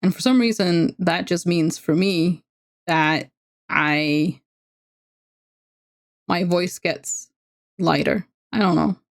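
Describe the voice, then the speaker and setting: A woman's voice: lowish voice, takes it slowly, long pauses. A Norwegian woman, speaking English with a Norwegian accent, chatting casually with her viewers while playing a game on a livestream. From Norway. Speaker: streamer. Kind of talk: casual gameplay livestream chat.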